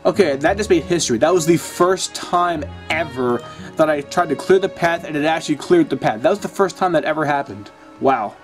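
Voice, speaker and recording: Young male let's-player, profane and exasperated, slightly high voice, faint music under him. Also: lively intonation, a little fast. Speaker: let's play gamer. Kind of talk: casual gameplay commentary.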